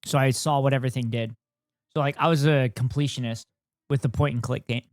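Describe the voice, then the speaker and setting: A man's voice: mid-range voice, fairly even intonation, brisk, no room sound, studio quality. A man live-streaming in a casual, joking way, bantering and teasing with his chat as host.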